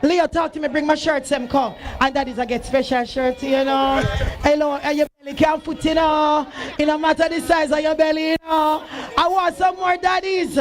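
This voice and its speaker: Very high-voiced shouting Jamaican man. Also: flat delivery, moderate pace. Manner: shouting, sing-song, teasing the crowd. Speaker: event emcee. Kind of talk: loud hype announcing at a school sports day. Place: outdoor school sports field.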